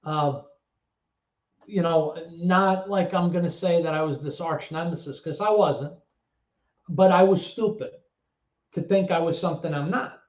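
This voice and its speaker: A man's voice: fairly high pitch, measured pace, pauses often. A man with a New York accent telling personal stories in a rambling, profane way, full of fillers and restarts. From the Bronx, New York. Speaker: guest. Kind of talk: casual personal storytelling. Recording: roomy, dull lo-fi sound.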